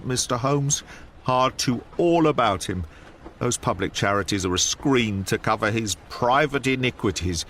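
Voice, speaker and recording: A man's voice: medium pitch, a bit bright, a little hiss or hum, natural voice. A man doing a nervous, gasping estate manager. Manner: gasping short sentences. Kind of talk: audiobook reading.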